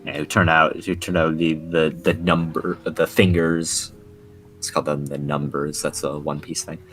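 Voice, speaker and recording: A man's voice: a bass voice, flat delivery, normal speed, a bit bright, faint music behind. A young man co-hosting a casual podcast, rambling with many restarts and fillers. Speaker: podcast co-host. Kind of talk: casual anime podcast chat.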